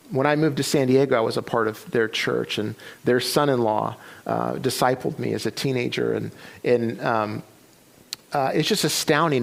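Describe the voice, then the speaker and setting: A middle-aged pastor delivers a sermon in a casual, storytelling way. His voice sits a bit high and has a gravelly edge. He acts out the dialogue as he goes and often restarts his sentences. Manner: conversational, retelling a story with quoted dialogue and many restarts. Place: church.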